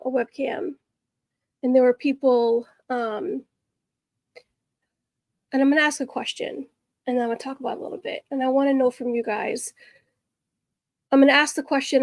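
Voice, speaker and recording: A woman's voice: high-pitched, a little mellow, no echo. A woman hosting a casual livestream, talking to her viewers in a chatty, earnest, rambling way that trails off and restarts. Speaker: livestream host.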